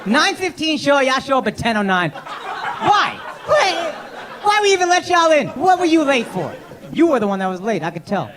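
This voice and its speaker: A stand-up comedian in his thirties works the room, teasing people with profane jabs. His voice sits high and swoops widely. The live club mic also catches a clear hum of noise under the laughter. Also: big pitch swings, normal speed. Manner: brash, profane, teasing audience members. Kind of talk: crowd work stand-up. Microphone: handheld stage mic. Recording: live club set with loud crowd laughter. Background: audience laughter and clapping.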